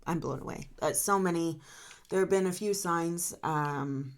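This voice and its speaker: A woman's voice: fairly low pitch, a little slow. A woman doing a solo tarot reading, talking straight to her viewers in an emotional, encouraging way. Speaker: tarot reader.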